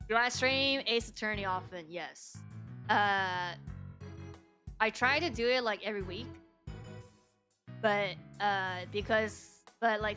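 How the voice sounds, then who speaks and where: A woman streamer chats casually over a game, rambling and filling her sentences with "like." She has the hiccups, and her voice sits at a middling pitch. Game music plays clearly in the background. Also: pushed and bright. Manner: rambling, many "like" fillers.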